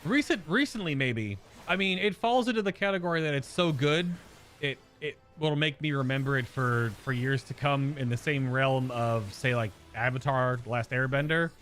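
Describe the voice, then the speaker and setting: A man's voice: medium pitch, normal speed, fairly bright tone, faint music behind. Rambling American man streaming a game. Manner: rambling, searches aloud for words. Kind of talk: casual gameplay chat.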